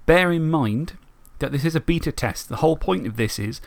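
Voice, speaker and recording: A man co-hosts a podcast, rambling casually about tabletop and video games and laughing often. His voice is gravelly, a little high, expressive, and fairly quick.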